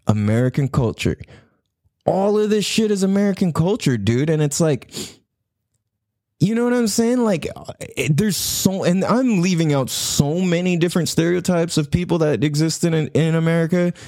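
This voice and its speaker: Lively, rambling, profane man. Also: fairly high pitch, no echo, clean studio sound. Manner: rambling, profane, laughing, slips into quick impressions. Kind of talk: casual monologue.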